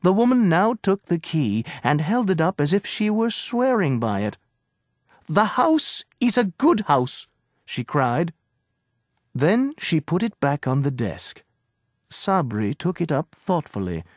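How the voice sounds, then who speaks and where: A man giving a scripted, measured and expressive audiobook narration. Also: fairly high pitch, dry recording, studio quality.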